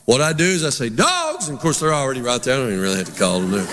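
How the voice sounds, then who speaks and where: A man's voice: medium pitch, animated, racing, noisy background. A middle-aged man, preaching a sermon in a conversational, humorous storytelling way. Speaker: pastor. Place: large church hall with congregation. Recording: reverberant church hall with crowd.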